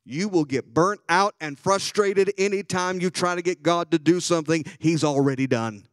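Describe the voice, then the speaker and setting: A man with a fairly high voice preaching a sermon as a bishop. He tells the story with drama, dropping to a hush and then rising to loud, excited preaching. The sound is close and dry. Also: moderate pace, no room sound. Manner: storytelling preacher, swings from hushed to shouting.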